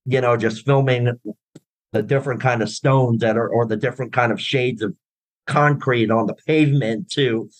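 A man who drums for a band tribute act chats as a guest in a casual interview, speaking at length with plenty of restarts and fillers. His mid-range voice keeps a steady tone at moderate pace, and the rough recording has no echo.

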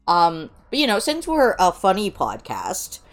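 A woman's voice: on the low side, wildly swooping pitch, unhurried, soft background music. A woman co-hosting a casual podcast, playful and laughing often. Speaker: podcast co-host.

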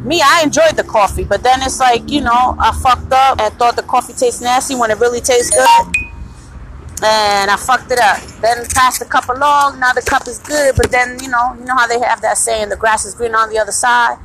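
A woman venting in a blunt, profane, casual monologue, breaking into loud laughs. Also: fairly high pitch, moderate pace, over music, poor audio.

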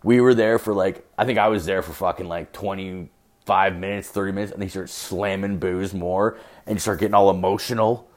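This young male solo podcaster has a deep, steady voice at normal speed. His casual, rambling monologue is all storytelling, full of profanity and filler words.

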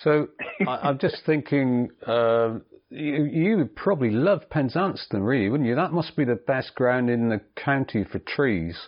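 A man's voice: mid-range voice, lively intonation, a little slow, dull audio. A man hosting a casual podcast chat, asking dry, teasing questions. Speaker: podcast host.

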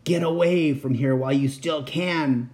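A man voicing a malfunctioning male robot who speaks in a hoarse, urgent whisper, in a storybook reading. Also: on the high side, steady tone, a little slow, a little mellow, natural voice. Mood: ominous.

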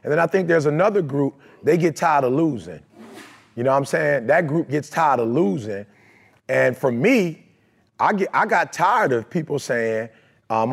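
A man speaks in a raised, gravelly voice, pitched a little above the usual for men. He gives a motivational talk to a live crowd, emphatic and conversational, full of street slang. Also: animated, normal speed. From Detroit, USA.

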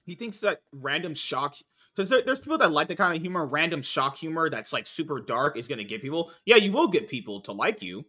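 A fairly high, bright-voiced man co-hosting a casual podcast chat. His pitch swings widely as he talks, and he laughs a lot and mimics other people's voices on a call. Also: fairly quick. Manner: animated, laughs often, quotes people in put-on voices. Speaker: podcast co-host.

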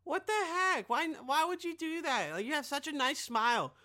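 A man putting on a high, squeaky voice for an incredulous older office clerk woman. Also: animated, moderate pace, pushed and bright, exaggerated voice.

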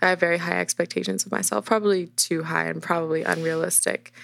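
A woman's voice: on the low side, very animated, quick pace, gravelly, a bit bright, no room sound. A woman guest talking candidly and thoughtfully about her work as a dancer, earnest and reflective. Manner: earnest, reflective, some restarts. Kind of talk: candid interview answers.

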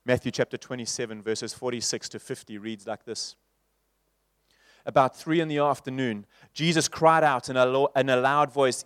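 A man preaching a sermon in a church, moving from loud repeated refrains to soft, slow passages. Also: mid-range voice, smooth, dry recording, studio quality. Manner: rhetorical, building to loud repeated refrains then dropping soft.

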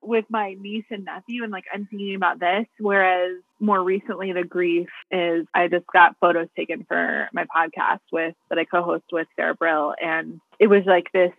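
A woman's voice: on the low side, level tone, moderate pace, gravelly, few pauses, no room sound. A woman co-hosting a podcast who speaks in a reflective, candid way in casual conversation. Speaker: podcast co-host and clinician. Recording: dry, tinny phone-like line.

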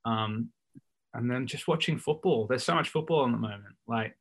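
A man hosting a football podcast in a relaxed, chatty way, often pausing with ums. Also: mid-range voice, husky. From England. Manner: laid-back, lots of ums and "so yeah". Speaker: podcast host. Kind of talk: casual chat.

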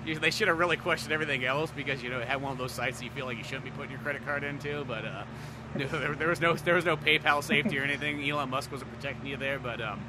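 A man's voice: mid-range voice, fast talker, noisy background. A man co-hosting a podcast in casual chat, joking, swearing and laughing often. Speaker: podcast co-host.

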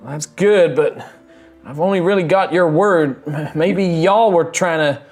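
A man's voice: on the high side, measured pace, darkish tone, faint music behind, voice pushed up, lightly acted. A man voicing a nervous young male acolyte in a tabletop game. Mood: uneasy. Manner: jumpy, uncertain.

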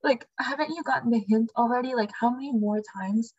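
A woman's voice: fairly high pitch, brisk, a little mellow, slightly rough, no echo. A young woman in casual chat, reading out passages from a book between many "um"s and "like"s. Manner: reads quotes aloud, frequent "um" and "like". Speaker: book discussion co-host. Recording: dry, dull lo-fi mic.

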